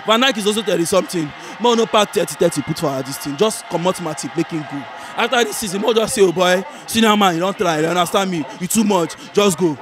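A Nigerian man with a high voice, giving a heated casual football debate. He talks in an animated, argumentative way and presses his point again and again. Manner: animated and argumentative, keeps asking "you understand me?". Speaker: football fan giving a match reaction. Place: viewing center.

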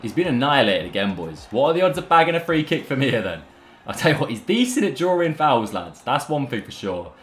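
A young man giving excitable live commentary on a football video game, full of banter and calling viewers lads and boys. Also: mid-range voice, brisk. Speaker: gaming YouTuber. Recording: roomy echo, faint background music.

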